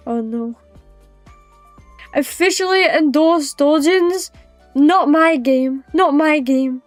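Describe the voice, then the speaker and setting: Speaking in a high but darkish voice, this young woman from Britain rambles and teases her live viewers, laughing readily. There's no room sound at all.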